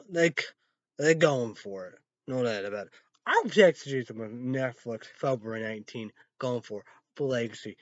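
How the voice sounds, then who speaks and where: A man on his own channel, rambling and swearing, swinging from loud outbursts to low mumbles. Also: dry recording. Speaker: vlogger. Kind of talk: rambling solo rant. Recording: dull, muffled lo-fi sound.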